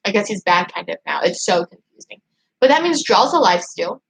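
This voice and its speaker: A woman hosting a casual livestream, reading out chat comments and ranting in an excitable, frustrated way with lots of "like" and restarts. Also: medium pitch, normal speed, gravelly, a little hiss or hum, rough recording. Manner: excitable and frustrated, heavy use of "like". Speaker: channel host reading live chat.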